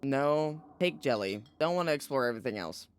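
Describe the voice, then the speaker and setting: Tired, animated game streamer. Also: mid-range voice, fairly quick, smooth. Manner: animated and chatty, swears, jokes. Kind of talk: casual let's-play commentary, reading game text aloud.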